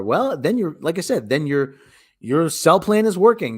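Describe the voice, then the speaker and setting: A man's voice: a little high, big pitch swings, normal speed, darkish tone, husky. A man hosting his show, giving rambling, sarcastic, wisecracking commentary in a casual movie review. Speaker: host.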